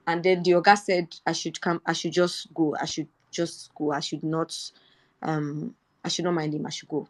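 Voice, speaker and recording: Young nigerian woman recounting what happened, earnest, kinda low voice. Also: flat delivery, moderate pace. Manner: earnest storytelling, rising indignation when quoting herself. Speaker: Twitter Space speaker. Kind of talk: personal account in a live audio chat.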